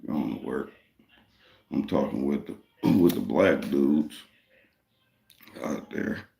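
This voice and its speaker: A deep, gravelly man tells a long story in a loose, profane, streetwise way. His voice rings a little in an echoey room. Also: animated, takes it slowly, dark tone. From Detroit, Michigan. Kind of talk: casual storytelling.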